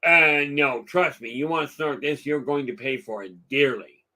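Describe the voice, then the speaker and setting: This middle-aged man runs a live stream, talking casually to viewers and spinning rambling, filler-heavy stories. His medium-pitched voice is bright and forceful, moving at a normal speed.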